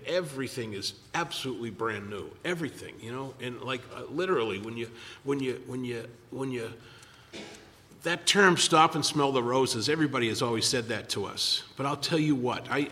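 Animated man in his fifties telling stories. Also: medium pitch. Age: 50s. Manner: animated storyteller acting out quoted voices. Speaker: recovery speaker. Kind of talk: casual storytelling chat. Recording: echoey hall.

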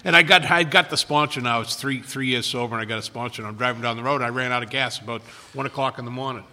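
A man's voice: mid-range voice, rapid-fire, bright, forceful tone. An older man sharing his recovery story in casual talk. He rambles, stops and restarts a lot, and stammers over his words. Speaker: recovery speaker. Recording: long hall reverb.

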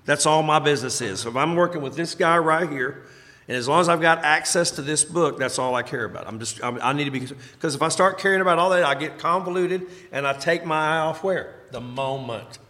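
A man's voice: on the high side, a little fast, pushed and bright. A man talking casually as a sponsor, emphatic and repeating his main points. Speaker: recovery sponsor. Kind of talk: casual chat. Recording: echoey hall.

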